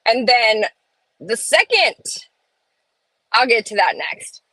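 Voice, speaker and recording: Casting: woman, slightly high voice, chatty live-stream host, dry close sound. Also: big pitch swings, takes it slowly, pushed and bright, no room sound, low-quality recording. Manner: chatty, reads chat aloud, opinionated asides. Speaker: livestream host. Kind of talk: casual live-stream chat. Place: home room.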